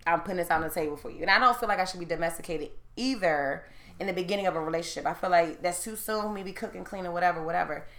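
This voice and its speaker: A woman in her thirties telling a story in casual chat, loud, profane and animated, getting louder when heated. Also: on the low side, very fast, echoey room. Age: 30s.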